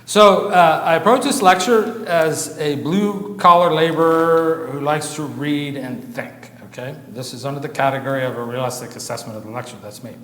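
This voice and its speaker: A man's voice: a little high, normal speed, hardly any pauses, fairly bright tone. A man giving an informal church lecture from an outline, talking conversationally with fillers and asides and often checking in with "okay?". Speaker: lecturer at a church Bible institute. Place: church hall. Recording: roomy hall echo, faint noise.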